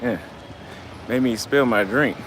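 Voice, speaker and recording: A man's voice: mid-range voice, a little slow, a bit bright, slight background noise. A man vlogging outdoors on a city street at night into a handheld camera. He is a little tipsy and out of breath, and he rambles loosely and profanely, often trailing off mid-thought. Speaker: travel vlogger. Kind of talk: casual street vlog monologue.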